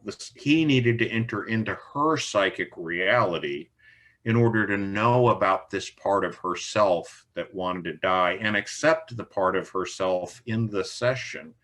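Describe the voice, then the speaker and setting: A middle-aged man, a Jungian analyst being interviewed, speaking in a slow, reflective way and recounting case stories. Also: fairly low pitch, a bit bright. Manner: slow, reflective, storytelling with quoted dialogue. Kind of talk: thoughtful interview conversation.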